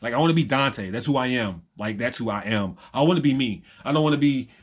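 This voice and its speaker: Male vlogger, mid pitch, reflective and unscripted, pauses and restarts often. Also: lively intonation, husky. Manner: reflective, halting, with many ums and restarts. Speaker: vlogger and reseller. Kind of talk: rambling personal vlog.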